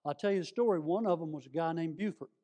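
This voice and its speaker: In a church sanctuary, a visiting preacher delivers a folksy storytelling sermon, speaking straight to the congregation. His voice is a little high and dark in tone, and he talks at a quick pace.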